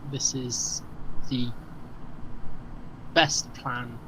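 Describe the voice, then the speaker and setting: A man playing a tabletop game, answering hesitantly with many pauses. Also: medium pitch, fairly even intonation, sharp tone. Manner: hesitant, halting. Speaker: player. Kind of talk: casual tabletop play. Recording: noisy mic.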